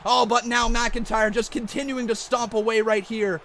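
A man doing mock wrestling play-by-play commentary over a video game, excitable and often shouting. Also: very high voice, normal speed, slight background noise. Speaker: gaming YouTuber.

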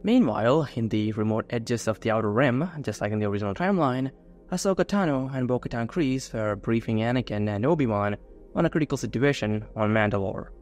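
A man's voice: mid-range voice, expressive, a little fast, darkish tone. A man narrating a science-fiction fan-fiction story in a scripted, dramatic storytelling manner. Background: faint music.

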